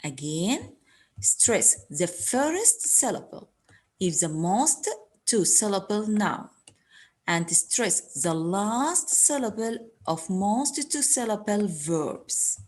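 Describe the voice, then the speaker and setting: A woman teaching an English lesson, slowly repeating words and giving their meanings. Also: medium pitch, sing-song, darkish tone. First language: Arabic. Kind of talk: recorded classroom lesson.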